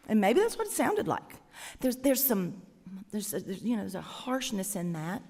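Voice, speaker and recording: A woman preacher giving a sermon in a conversational, musing way, often pausing and hesitating. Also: mid-range voice, sing-song, a little mellow. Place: church. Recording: long church reverb.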